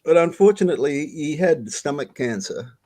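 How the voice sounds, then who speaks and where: An older Australian man telling a rambling, halting story over a video call, swearing and laughing as he goes. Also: on the high side, expressive, dark tone. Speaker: guest storyteller. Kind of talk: casual storytelling on a live stream.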